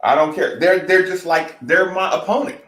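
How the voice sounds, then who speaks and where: A man's voice: high-pitched, moderate pace, a bit bright, echoey room. A man speaking bluntly and emphatically in a candid talk-show conversation, repeating his points and swearing freely.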